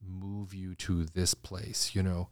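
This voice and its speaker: A man, a designer guest in an interview, telling stories in an animated way and acting out the voices of people he quotes. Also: deep voice, takes it slowly, no room sound, studio quality. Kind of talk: conversational interview storytelling.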